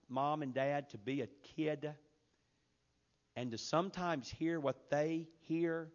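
Guy preaching, mid pitch, punchy then soft, bit muffled recording. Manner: emphatic preaching, swings from loud to hushed. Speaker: pastor. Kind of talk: sermon.

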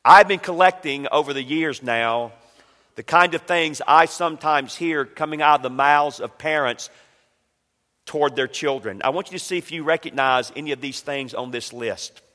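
A male pastor preaching a sermon, swinging from loud emphatic lines to quiet storytelling. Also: a little high, moderate pace, long reverb tail.

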